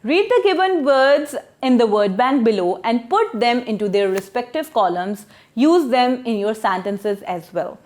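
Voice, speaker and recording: A woman teaches a textbook lesson in a slightly high voice. Her pitch moves a great deal as she explains, and she slows down to sound out words syllable by syllable. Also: lively intonation, a little mellow.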